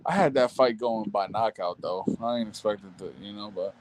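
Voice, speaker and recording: A man guesting on a boxing stream, speaking in slangy, excitable casual chat. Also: on the low side, moderate pace, background noise. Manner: slangy, excitable, laughs easily.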